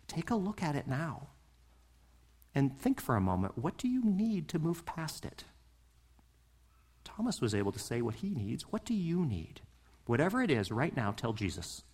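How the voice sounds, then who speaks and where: A male pastor preaching with a lively voice that swings up and down. He talks to the congregation conversationally, putting questions to them and pressing his points with passion. His voice sits a little high for a man. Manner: passionate, rising and falling emphasis; conversational, asks the listeners questions. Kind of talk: sermon.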